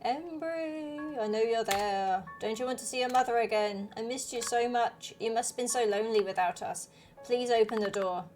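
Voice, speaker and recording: A woman voicing a monster that mimics a loving mother, pleading sweetly and softly for a child to open the door. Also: on the high side, moderate pace, faint music behind, natural voice. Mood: coaxing.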